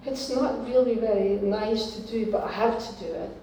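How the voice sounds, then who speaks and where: A woman preaching a sermon, teaching slowly and deliberately and repeating her key phrases. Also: on the high side, steady tone, mellow, distant mic, slight background noise. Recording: very echoey room, from off-mic.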